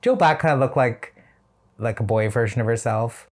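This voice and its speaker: A man's voice: medium pitch, moderate pace. A man reviewing a drag competition show in a casual, chatty reaction style, with opinionated and slightly shady asides.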